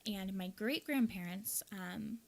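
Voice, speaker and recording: A woman's voice: mid-range voice, slow, gravelly. Candid young woman sharing a personal story. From American Midwest. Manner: candid, earnest, reflective. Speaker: podcast host and yoga teacher.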